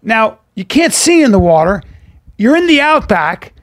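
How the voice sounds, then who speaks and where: A man's voice: high voice, very animated, moderate pace, a bit bright. A man co-hosting a podcast, telling a wild story with lots of swearing and acting out the voices of the people in it. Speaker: podcast co-host. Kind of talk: animated storytelling.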